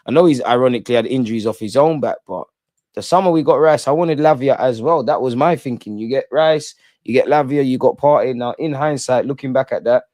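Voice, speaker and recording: Young male host, casual football stream chatter, slangy and animated, dry close sound. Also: mid-range voice, dry recording. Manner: slangy, animated, says "man" a lot. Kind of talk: casual live-stream chat.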